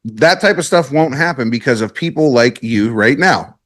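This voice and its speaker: A man's voice: medium pitch, expressive, normal speed, a bit bright, no room sound, studio quality. A man hosting a podcast in casual chat, rambling and laid-back, full of filler words. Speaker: podcast host.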